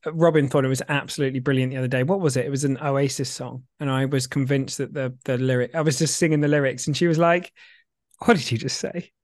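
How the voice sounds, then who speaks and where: A man co-hosting a podcast in a relaxed, joking, rambling way. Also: medium pitch, quick pace, no room sound, clean studio sound. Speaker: podcast co-host. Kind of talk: casual podcast chat.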